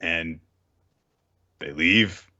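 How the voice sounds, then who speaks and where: A man with a low, bright, forceful voice, chatting casually as a podcast host and acting out characters' lines as he recaps. The audio is dull and lo-fi. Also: drawn-out words. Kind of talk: casual chat, recapping manga.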